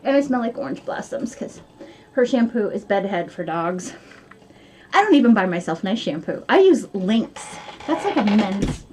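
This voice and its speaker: A woman's voice: mid-range voice, expressive, moderate pace, background noise. A woman vlogging from home in a rambling, chatty way, full of fillers. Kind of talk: casual chat to camera.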